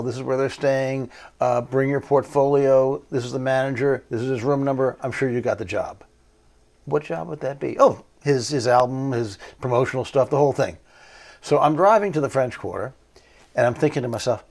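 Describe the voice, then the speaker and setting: A male photographer telling stories in an interview, animated, acting out what others said. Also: mid-range voice, a little fast, creaky. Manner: animated anecdotal storytelling, acts out quoted voices. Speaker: photographer guest. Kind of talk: storytelling interview.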